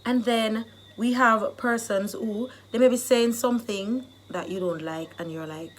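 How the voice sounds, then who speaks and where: A woman with a Jamaican accent who teaches Jamaican phrases in a casual vlog, explaining them and acting them out in lively bursts. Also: medium pitch, moderate pace, a little hiss or hum.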